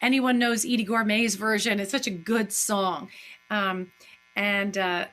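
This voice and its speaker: A woman's voice: medium pitch, steady tone, a little slow, fairly bright tone. A woman, a guest actress, chatting effusively in a live-streamed Q&A, with many fillers.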